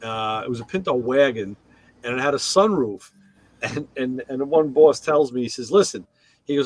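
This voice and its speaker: Husky-voiced man telling shop stories. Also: mid-range voice, moderate pace, no room sound, rough recording. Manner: animated, acts out quoted voices. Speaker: show co-host. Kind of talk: casual storytelling chat.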